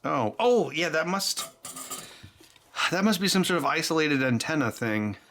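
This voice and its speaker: Bright-voiced tipsy man tinkering. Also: a little high, animated, a little slow, slight background noise. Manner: rambling, chuckling, thinking aloud. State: tipsy from beer. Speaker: electronics hacker host. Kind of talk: casual teardown chat.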